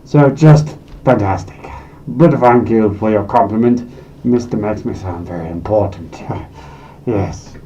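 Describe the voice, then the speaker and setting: A man playing a paranoid goblin who hosts a comedy web series, ranting in a frantic, conspiratorial way that swings from muttering to shouting. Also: on the low side, unhurried, highs cut off, natural voice. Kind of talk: scripted comedic rant to camera.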